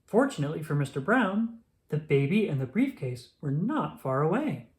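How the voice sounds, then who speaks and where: Woman reading a picture book out loud, low voice that swoops around a lot, unhurried. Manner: expressive, slow and deliberate. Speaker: children's book reader. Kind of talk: storybook read-aloud.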